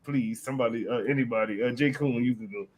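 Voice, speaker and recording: A man's voice: medium pitch, fast talker. A man hosting a casual group chat, joking and calling on each panelist in turn. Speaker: podcast host.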